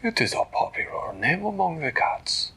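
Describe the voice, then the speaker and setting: A man's voice: on the high side, very animated, normal speed, bright, forceful tone, husky, voice pushed up, heavily acted. A man voicing a prim, very polite magical helper in a storybook who speaks formally.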